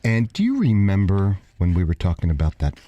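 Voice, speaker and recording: A man's voice: deep voice, brisk, dull audio. A man with a Brooklyn accent hosting a radio talk show, chatting casually in a joking, playful way. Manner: joking, animated, playful teasing. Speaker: radio host, salon owner.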